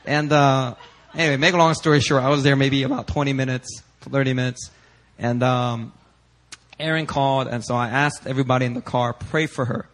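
Fast-talking young pastor telling a story. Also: male voice, medium pitch. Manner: animated, casual, slips in Korean phrases. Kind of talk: storytelling sermon.

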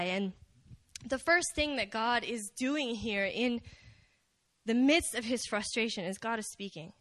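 A young woman preaching casually at a prayer meeting, animated and chatty, joking with the listeners. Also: a little high, dry recording. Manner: animated, chatty, jokes with the crowd. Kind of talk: casual sermon.

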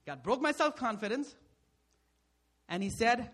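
A man preaching a sermon as a pastor, asking rhetorical questions, tagging lines with "right?", and swinging sharply between loud and soft. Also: high voice, sing-song, a little slow, pauses often.

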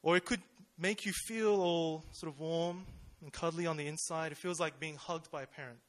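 A man's voice: on the high side, fairly even intonation, normal speed, a bit bright. A young man speaking at church in a casual, conversational sermon, full of fillers and questions to his listeners. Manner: informal, with many fillers and rhetorical questions.

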